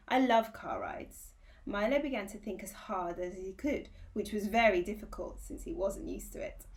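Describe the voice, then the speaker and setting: Kobieta czytająca na głos powieść dla dzieci. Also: female voice, mid-range voice, a little mellow. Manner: clear storytelling with small slips. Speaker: teacher reading aloud. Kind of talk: reading a children's book aloud.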